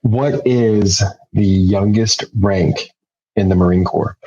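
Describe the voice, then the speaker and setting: Low, rambling male panelist, muffled lo-fi audio. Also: takes it slowly, warm tone, slightly rough. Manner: rambling, self-correcting. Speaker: Marine team panel player. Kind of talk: casual game-show banter.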